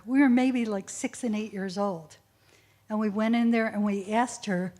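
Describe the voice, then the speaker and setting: A woman's voice: mid-range voice, fairly even intonation, normal speed, dark tone. A middle-aged woman, the child of a Holocaust survivor, answering student questions at a school assembly, earnest and at times close to tears. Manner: emotional, tearful at times, earnest.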